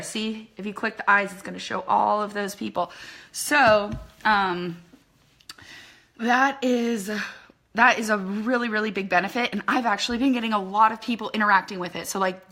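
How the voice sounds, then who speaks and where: A woman giving a casual live-stream tutorial on using social media for business, talking into a phone in quick, chatty bursts full of fillers. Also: medium pitch, bright, forceful tone.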